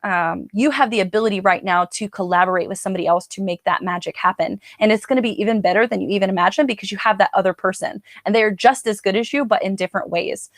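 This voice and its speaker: Woman, live card reader at home, chatty and rambling, dry close sound, mid pitch. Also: fast talker, hardly any pauses, no echo. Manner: chatty, rambling, talks straight to viewers. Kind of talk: casual live-stream card reading.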